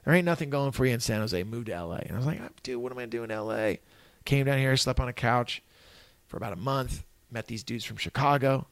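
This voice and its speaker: His voice is mid-range, clear and resonant, and he talks briskly with no echo around him. He's a middle-aged guest from Northern California telling stories in casual conversation, animated and profane, acting out what people said.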